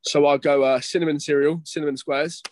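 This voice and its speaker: A man's voice: on the high side, fairly even intonation, a little fast, a little mellow. A young man chatting casually as a guest, rambling, swearing and calling everyone mate and bro. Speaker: guest, competing bodybuilder. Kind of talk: casual chat.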